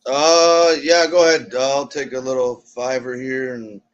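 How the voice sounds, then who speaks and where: A man co-hosting a live wrestling watch party, talking in a relaxed, hesitant way with many ums while recapping matches. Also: mid-range voice, a little slow, highs cut off. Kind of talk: casual live-stream commentary.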